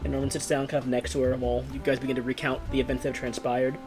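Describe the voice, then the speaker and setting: A man narrating as game master of a tabletop game in a relaxed, hesitant way. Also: mid-range voice, very fast. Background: guitar music.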